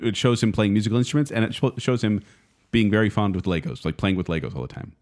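A man's voice: fairly low pitch, expressive, fast talker, darkish tone. A man co-hosting a podcast in casual chat, sharing song trivia and laughing easily. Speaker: podcast co-host.

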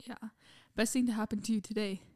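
A teenage girl chatting casually with a friend, asking quick questions and laughing mid-sentence. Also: on the high side, steady tone, dark tone, no room sound, clean studio sound. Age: teens. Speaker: co-host. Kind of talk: casual chat. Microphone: microphone.

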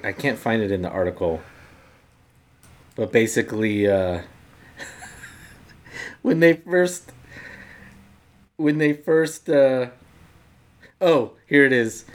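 A man co-hosting a podcast explains a point at length in casual chat, restarting sentences as he thinks aloud. His voice is mid-range with fairly even intonation and a measured pace.

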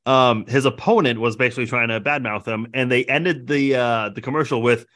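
An easygoing man with a middle-pitched, bright, forward voice, telling stories in relaxed podcast chat. He reads viewer comments aloud between anecdotes. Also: fairly quick.

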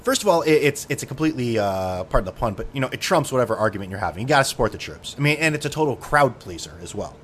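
A man in the middle of a casual podcast monologue, sardonic and freely profane. His pitch rides up and down with lively swings, and his voice sits in an ordinary middle register. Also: very fast, hardly any pauses, slight background noise. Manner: sardonic, profane, tangent-prone. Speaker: podcast host.

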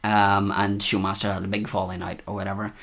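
Lively low-voiced man. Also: a little fast. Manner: animated storytelling, acts out quotes. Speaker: podcast co-host. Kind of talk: casual chat.

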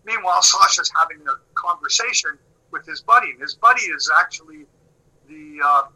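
A middle-aged man telling a long story in casual talk, animated and swearing, acting out what people said. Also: high-pitched, brisk, low-quality recording. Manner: animated, swearing, acts out quotes.

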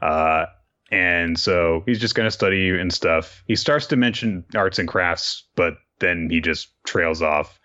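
A man's voice: low voice, a little slow, sharp tone, muffled recording. A man casually recapping a manga story in a loose, rambling way, with lots of fillers and crude asides. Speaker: podcast host recapping a manga.

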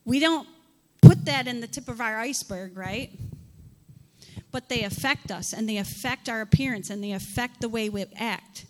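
A woman pastor gives a sermon with lively, expressive delivery. She poses rhetorical questions and slips into dramatized scripture dialogue. Her voice carries a long reverb, as in a large hall. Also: a little high, moderate pace, slight background noise.

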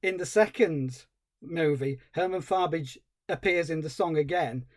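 A man co-hosting a film podcast, chatting casually and retelling scenes with animated enthusiasm. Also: a little high, measured pace. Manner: animated storytelling, acting out scenes. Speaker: podcast co-host.

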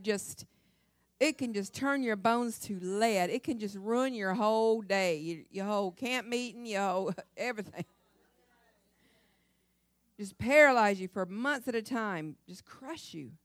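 A woman's voice: mid-range voice, expressive, unhurried, no echo. A middle-aged woman giving a humorous testimony sermon, acting out her own cries and often laughing. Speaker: pastor's wife and speaker.

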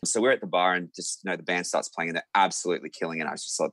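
A young Australian man, a musician, telling a lively anecdote in a casual interview, full of fillers and restarts. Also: low-pitched, fast, hardly any pauses, no room sound. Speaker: musician guest.

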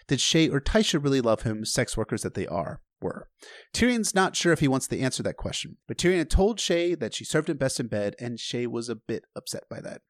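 A man's voice: mid-range voice, no room sound, studio quality. A man hosting a casual book recap, sarcastic and profane, joking as he retells the story. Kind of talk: casual recap with read-aloud quotes.

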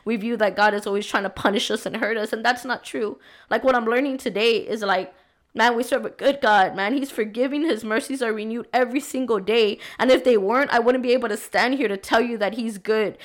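A young woman with a medium-pitched, slightly bright voice hosts a faith-based podcast about motherhood. She's sick, and it shows in her worn voice as she talks earnestly, peppering her speech with "right?" and "like."

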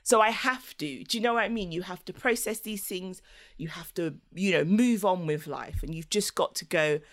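A woman's voice: lowish voice, moderate pace, fairly bright tone. A woman, chatting casually as a podcast guest, telling a story and laughing often. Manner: chatty, laughs often, acts out voices in anecdotes.

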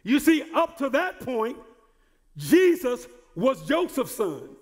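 A male pastor preaching a sermon who repeats and restarts words and builds to shouted emphasis. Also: very high-pitched, sing-song, takes it slowly, in a large hall. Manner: repeats words and stumbles on starts.

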